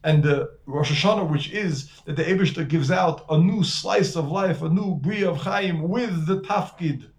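Here a man with a voice on the high side delivers a conversational Torah lecture as a rabbi teaching a class. He speaks at normal speed with few pauses, repeating words and using lots of Hebrew and terms.

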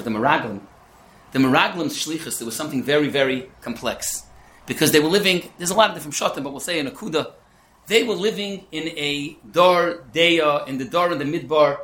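A man's voice: a little high, fairly quick, slight background noise. A man giving a Torah lecture, telling stories with words mixed in. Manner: animated storytelling peppered with Yiddish. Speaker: yeshiva lecturer. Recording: echoey room with faint ambience.

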